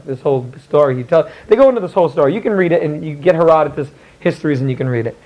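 A man's voice: a little high, expressive, very fast, lo-fi sound. A male history teacher telling a story to his class in a chatty, rambling way. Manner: chatty, rambling, many fillers and restarts.

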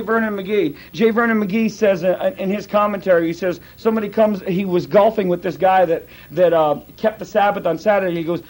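A male pastor preaching a sermon in an animated, conversational way, acting out quotes as he goes. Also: high-pitched, husky, rough recording.

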